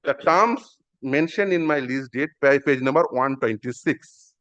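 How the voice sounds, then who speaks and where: A man's voice: medium pitch, measured pace, a bit bright. A man arguing his own petition in a courtroom, formal and deferential, repeating "my lord" often. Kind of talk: courtroom argument. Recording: muffled live-stream audio.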